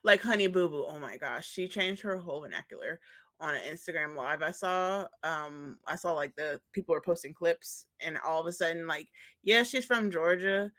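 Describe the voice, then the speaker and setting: A woman co-hosting a podcast in casual chat, animated, laughing often and acting out quoted voices. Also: on the low side, normal speed. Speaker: podcast co-host.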